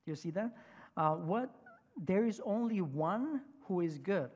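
A male pastor preaching a sermon in a relaxed, conversational way, full of fillers and restarts. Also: sits high, measured pace. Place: church sanctuary. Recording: long church reverb.

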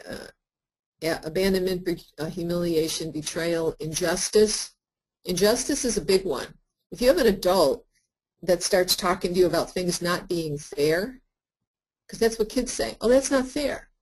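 A woman therapist lecturing to practitioners in an earnest, conversational way, with frequent pauses and fillers. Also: fairly low pitch, darkish tone, slightly rough, low-quality recording. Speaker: therapist teaching a workshop.

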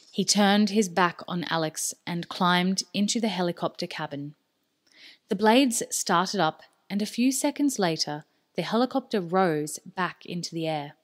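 Woman narrating an audiobook, lowish voice. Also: measured pace. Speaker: audiobook reader. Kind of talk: scripted narration.

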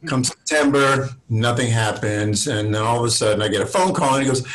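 A man's voice: medium pitch, a little fast, hardly any pauses, a bit bright, low-quality recording. A man in his sixties, an actor guest, telling showbiz stories with plenty of swearing on a video call. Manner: swears freely, acts out other people's lines in raised voices. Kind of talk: casual storytelling interview.

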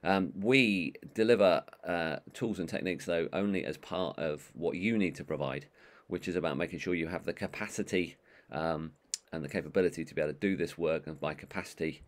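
Low-voiced, monotone male trainer. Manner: monotone, calls his own voice that; halting, with many ums and uhs. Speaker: management trainer. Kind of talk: online training course presentation.

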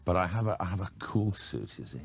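A man's voice: low voice, sing-song, fast talker, creaky, slightly rough. A man, a wry actor guest telling stories in an interview. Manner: wry, storytelling. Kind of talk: relaxed interview answers.

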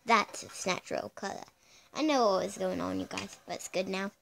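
A woman's voice: medium pitch, normal speed, creaky, a bit bright, slight background noise. A woman giving casual reaction commentary as a vlogger, chatty and exclaiming, often calling out to her viewers. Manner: chatty, exclaiming, keeps addressing viewers as "you guys".

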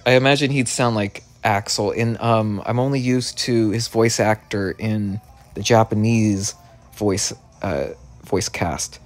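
A man giving excitable let's play commentary, stammering over his words and swearing often, with faint game music behind him. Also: lowish voice, measured pace. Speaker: gaming video creator.

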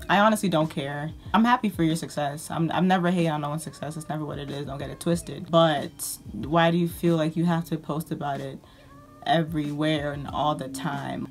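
A woman's voice: low-pitched, darkish tone. A woman vlogger ranting about her pet peeves in a sarcastic, exasperated way. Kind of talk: ranting casual monologue.

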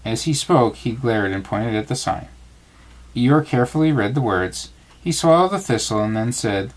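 A father reading a bedtime story aloud, calm and expressive. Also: mid-range voice, moderate pace.

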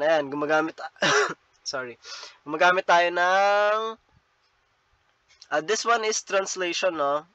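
A man's voice: a little high, sharp tone, no echo, lo-fi sound. A man with a Filipino accent teaching an online literature class, mixing English and Tagalog and often checking in with "no?" as he repeats key points. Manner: switches between English and Tagalog, frequent tag "no?".

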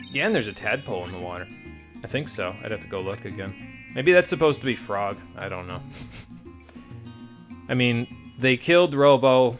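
Sarcastic man doing live game commentary. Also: medium pitch. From United States. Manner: sarcastic, profane, rambling asides. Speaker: streamer. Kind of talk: live let's play commentary.

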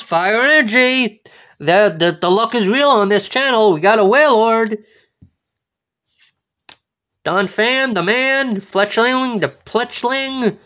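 A man's voice: high voice, fairly bright tone. A man hosting a casual card-opening video, goofy and playful, full of exclamations and wordplay. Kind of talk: casual unboxing commentary.

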